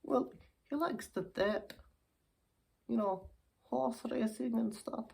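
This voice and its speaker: A woman voicing a chatty, giddy Scottish woman puppet in her sixties, who speaks in a high, fluttery voice and calls everyone dear in a ventriloquist act. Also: slow, creaky, a little mellow, slightly rough, exaggerated voice. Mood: giddy, excited. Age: 60s.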